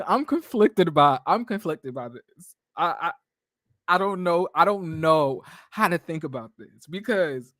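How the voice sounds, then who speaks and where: Blunt, animated man recapping TV. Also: high voice, dry recording, clean studio sound. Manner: animated, restarts and laughs, blunt slang. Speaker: recap vlogger. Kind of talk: casual reality-TV recap commentary.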